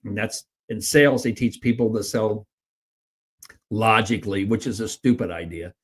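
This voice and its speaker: A man co-hosting a podcast and teaching sales in casual conversation. He talks with energy, often repeats words as he starts a sentence, and acts out excited and flat sales pitches. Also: moderate pace, breathy edge. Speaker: podcast co-host and sales trainer.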